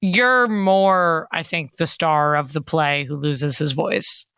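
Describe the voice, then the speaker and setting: A woman in her thirties co-hosting a comedy podcast, quick-witted and jokingly mock-offended. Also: deep voice, a bit bright, clear, resonant tone, no room sound, clean studio sound. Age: 30s. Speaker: podcast co-host. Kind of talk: casual comedic chat.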